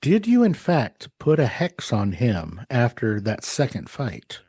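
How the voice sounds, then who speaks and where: A man from San Antonio hosting a casual podcast interview, friendly and quick to laugh along. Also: mid-range voice, huge pitch swings, a little mellow, slightly rough, no echo, studio quality. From San Antonio, Texas. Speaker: podcast host.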